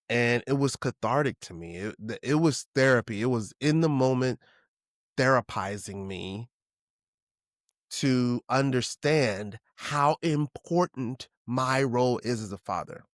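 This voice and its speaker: A man in his forties speaks slowly and openly on his solo podcast. His voice sits at a middle pitch, jumps up and down as he restarts thoughts, and he drops casual curse words. The sound is close and dry, with no room around it. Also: lively intonation, no room sound. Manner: candid and emotional, casual with swearing; halting restarts, pitch swinging widely. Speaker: podcast host.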